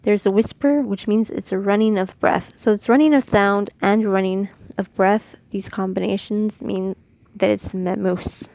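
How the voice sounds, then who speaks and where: A woman from Mexico gives a relaxed, patient lesson, stopping often to demonstrate sounds. Her mid-height voice has a slightly gravelly texture. The recording is close and dry, with no room sound. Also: medium pitch, moderate pace, hardly any pauses, no echo. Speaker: Quran reading teacher. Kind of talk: casual instructional lesson.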